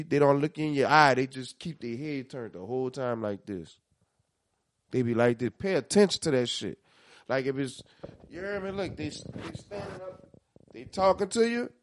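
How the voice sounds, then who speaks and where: A man with a New Orleans accent talks in loose, animated podcast chat, his voice sitting a little high. He swears freely and acts out what people said. The sound is close and dry. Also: no echo. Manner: animated storytelling, swears a lot, acts out quotes. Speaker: podcast co-host. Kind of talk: casual chat.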